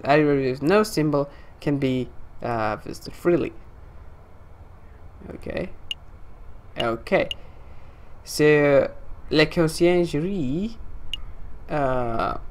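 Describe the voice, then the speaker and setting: Chatty woman streaming a game. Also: sits low. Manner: chatty, reads on-screen text aloud with fillers. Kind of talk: casual game commentary.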